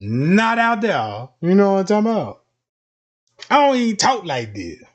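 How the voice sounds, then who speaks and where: A man's voice: high-pitched, wildly swooping pitch, moderate pace. A young man talking casually in a profane, rambling way, telling street stories on a live stream and often repeating his catchphrases. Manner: profane, rambling, repeats "you know what I'm talking about". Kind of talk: casual street storytelling monologue.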